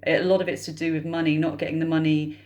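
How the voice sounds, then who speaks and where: A woman's voice: sits low, flat delivery, fast, darkish tone, highs cut off. Chatty British woman reading tarot. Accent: British English. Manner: chatty, thinks aloud, addresses viewers as guys. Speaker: tarot reader. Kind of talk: casual psychic tarot reading to camera.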